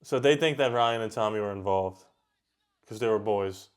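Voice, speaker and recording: A man hosting a reaction video, chatting casually and talking back at the screen with quick outbursts. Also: on the low side, clear, resonant tone.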